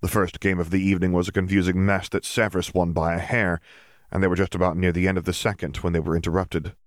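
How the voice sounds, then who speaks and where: A man narrating a fantasy story in a steady, even reading. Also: sits low, fast talker, dry recording, clean studio sound. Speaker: audiobook narrator. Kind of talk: fan fiction audiobook reading.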